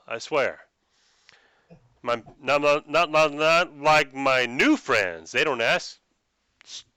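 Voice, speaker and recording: A man voicing a suspicious, tipsy old rural farm woman who rambles in a folksy, gruff way about meddlers. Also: mid-range voice, bright, forceful tone, dry recording, pitched above the performer's own voice, exaggerated voice. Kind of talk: tabletop role-play voice.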